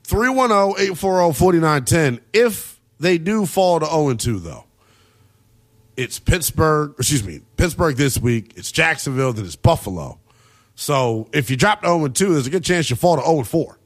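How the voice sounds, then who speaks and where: A man hosting a late-night sports talk radio show, brash and quick to tease callers. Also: fairly high pitch, expressive.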